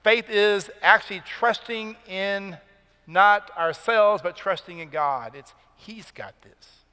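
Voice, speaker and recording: A man preaching a sermon as pastor, emphatic and rising in pitch to drive key points home. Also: takes it slowly, pushed and bright, clean tone, big-room sound. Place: church sanctuary.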